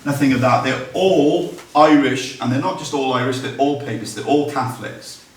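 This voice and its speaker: A man's voice: mid-range voice, normal speed. A man gives a public history talk in a large, very echoey room, heard from some distance away from the mic. His delivery is conversational, with ums and restarts, and he reads quotations aloud now and then. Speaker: local history speaker.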